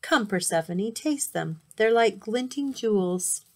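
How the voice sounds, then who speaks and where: A woman voicing a smooth, coaxing male god of the underworld in a storybook reading. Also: lowish voice, takes it slowly.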